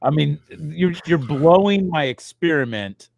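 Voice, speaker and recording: A middle-aged man hosting a podcast, joking and excitable, often restarting his sentences. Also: on the high side, a little slow, vocal fry, lo-fi sound. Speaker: podcast host. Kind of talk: casual chat.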